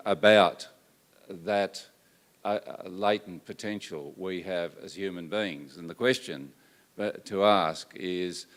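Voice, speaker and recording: An older man giving a public lecture, telling stories in a halting way with many fillers. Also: low-pitched. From Australia. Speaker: guest lecturer.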